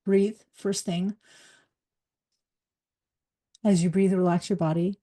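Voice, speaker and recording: Speaking at a live workshop, this leadership coach and former psychologist is a middle-aged woman with a lowish voice. She talks quickly, bluntly and with plenty of energy.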